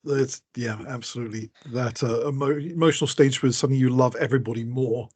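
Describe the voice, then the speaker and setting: A man's voice: medium pitch, brisk, darkish tone, husky. A man co-hosting a casual podcast who rambles, mocks himself and laughs mid-sentence. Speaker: podcast co-host. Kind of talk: casual chat.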